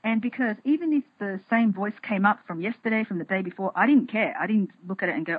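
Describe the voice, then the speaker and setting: A woman's voice: medium pitch, quick pace, few pauses, slightly rough, no room sound, narrow, tinny audio. A woman guest on a podcast, talking casually and animatedly, acting out her inner voices, often restarting and repeating words. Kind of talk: casual interview talk.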